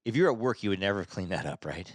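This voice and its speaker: A man's voice: low-pitched, very animated, racing, no echo, studio quality. A man with a nasal voice, co-hosting a podcast in a rambling, jokey, casual way. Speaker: podcast co-host. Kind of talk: casual chat.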